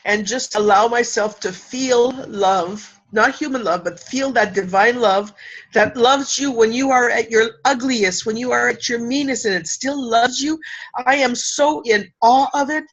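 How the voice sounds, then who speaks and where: A Canadian woman who is a spiritual teacher and speaker talks in a casual interview, effusive and emotional. Her voice sits on the high side, she laughs often and pauses for effect, and the audio is dull.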